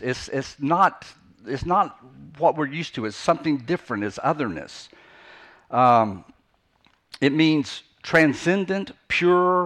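A man's voice: mid-range voice, fairly bright tone. A man preaching an unscripted teaching sermon, earnest, often repeating phrases for emphasis and restarting his sentences. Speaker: pastor.

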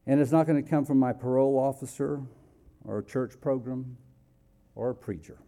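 A man preaching a sermon, moving between loud, emphatic calls and hushed, quiet passages. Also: mid-range voice, moderate pace. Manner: dynamic, swings from loud exclamations to hushed near-whispers.

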